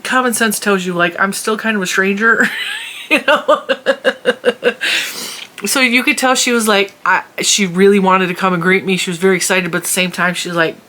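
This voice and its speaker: A woman chatting casually as a crochet vlogger, animated, laughing often and acting out what people said. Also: mid-range voice, moderate pace. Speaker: crochet YouTuber. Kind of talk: casual chatty vlog storytelling. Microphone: camera in a room at home.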